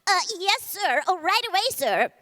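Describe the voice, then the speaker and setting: A woman's voice: very high-pitched, big pitch swings, moderate pace, sharp tone, voice pushed up, full character voice. A woman voicing a meek male underling who answers hesitantly, in a comic stage monologue. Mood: nervous. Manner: hesitant, nervous yes-sir replies. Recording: long theater reverb.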